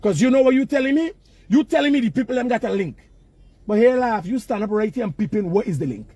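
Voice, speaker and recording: A high-pitched man with a Guyanese accent lectures emphatically in casual street talk. His voice has a husky edge. He speaks outdoors, sliding into Creole phrasing as he pushes his point. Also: lively intonation, fast, dark tone, no room sound. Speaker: vlogger. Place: outdoors near work sites.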